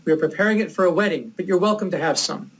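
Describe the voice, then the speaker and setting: A man's voice: high-pitched, quick pace, close to an everyday voice, rough recording. A man voicing hospitable Bedouin hosts pressing an offer of fresh cheese on a guest. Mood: welcoming.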